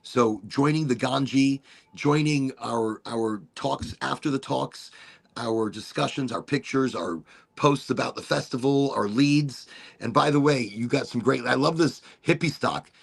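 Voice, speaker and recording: Gravelly, rambling male podcast host. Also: medium pitch, measured pace. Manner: rambling, enthusiastic, playful asides. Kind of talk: casual livestream chat.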